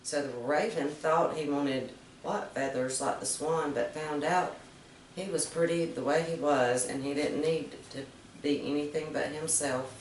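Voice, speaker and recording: A woman reading fables aloud to children, gently explaining each moral with questions to her listeners. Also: low-pitched, unhurried, slight background noise. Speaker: storyteller. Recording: roomy, distant mic.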